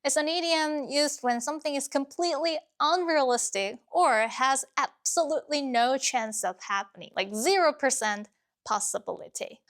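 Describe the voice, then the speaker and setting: A woman teaching Korean, explaining grammar and idioms clearly and patiently in a lesson-style narration. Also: high voice, moderate pace, fairly bright tone.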